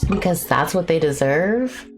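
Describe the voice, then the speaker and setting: A woman artist chatting casually on a co-working livestream, effusive and excitable, sometimes breaking into high squeals. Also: measured pace, faint music behind. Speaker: artist streaming a co-working session.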